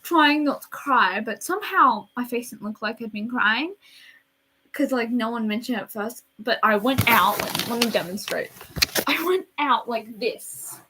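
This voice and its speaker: Breathy, animated young woman telling a story. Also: fairly high pitch, measured pace, a little hiss or hum, low-quality recording. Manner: rambling and dramatic, drops to quiet asides. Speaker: vlogger. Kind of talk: casual storytime vlog.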